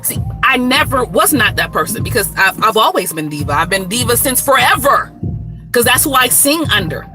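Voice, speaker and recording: Woman, singer, casual vlog talk, frank and animated, loud background music. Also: a little high, moderate pace. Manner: frank, animated, Black American vernacular phrasing. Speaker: singer and streamer. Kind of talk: casual direct-to-camera talk.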